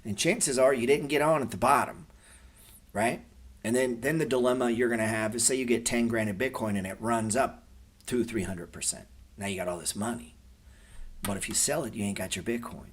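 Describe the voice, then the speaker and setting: A man's voice: medium pitch, a little fast, breathy edge. A man in his forties hosting a trading show, talking casually to viewers and telling stories in a laid-back, swearing manner.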